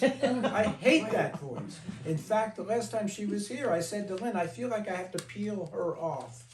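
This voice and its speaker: A man's voice: high voice, animated, unhurried, hardly any pauses, distant mic, a crowd in the background. Older man talking frankly, from off-mic. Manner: frank, storytelling, mimics voices when quoting people. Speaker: therapist leading a group. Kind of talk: group discussion. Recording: echoey room, voice from off-mic.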